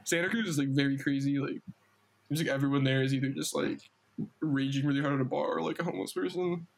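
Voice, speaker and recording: A man's voice: mid-range voice, fairly even intonation, fast, vocal fry. A young man chatting casually as a guest, rambling and filling his speech with "like". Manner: rambling, lots of "like". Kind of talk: casual chat.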